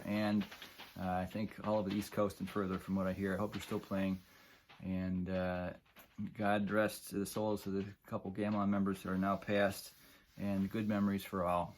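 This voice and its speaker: A man's voice: lowish voice, a little hiss or hum. A middle-aged man from the Buffalo area telling a casual, rambling story about an old gig, with many fillers and chuckles. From Buffalo area, New York.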